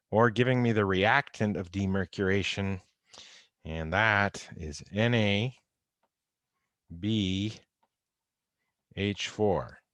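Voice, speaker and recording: A chemistry instructor whose voice sits fairly low with a bit of brightness speaks straight to his students, going over exam answers in a loose, wry recorded lecture. There's no room sound; a close computer mic picked him up on a video call.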